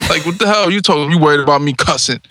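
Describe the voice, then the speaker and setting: Panel guest, man, AAVE, high bright tone, animated agreement, dry sound. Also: rapid-fire, no room sound. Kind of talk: casual roundtable discussion.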